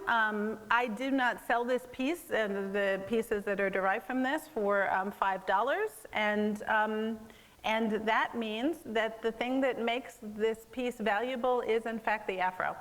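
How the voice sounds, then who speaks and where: A woman's voice: on the high side, a bit bright, in a large hall, low-quality recording. A woman artist giving a conversational gallery talk about her work, explaining at an easy pace with frequent fillers. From American. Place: museum gallery.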